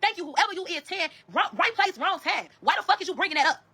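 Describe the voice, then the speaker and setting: A woman's voice: extremely high pitch, quick pace. A woman with a Chicago accent telling a story to viewers, blunt and profane, acting out the dialogue. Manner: blunt, profane, animated retelling with quoted dialogue.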